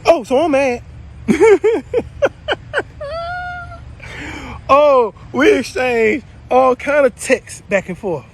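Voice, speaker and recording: A man casually telling viewers a story, animated and swearing freely, swinging between loud and low. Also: measured pace, vocal fry, hardly any pauses, slight background noise. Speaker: spiritual video creator.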